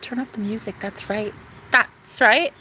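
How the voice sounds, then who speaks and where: A woman talking candidly and profanely to her viewers in a casual vlog, dropping into whispers and rising into loud bursts. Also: a little high, steady tone, a little slow, slight background noise. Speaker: vlogger.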